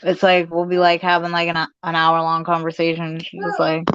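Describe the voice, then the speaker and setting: A woman's voice: fairly low pitch, completely flat delivery, normal speed, few pauses, fairly bright tone, smooth, no room sound. A woman in her thirties chatting casually on a game livestream, laughing often and poking fun at herself. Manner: giggly, laughs often, self-deprecating. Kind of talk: casual chat while gaming. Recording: dull lo-fi stream audio.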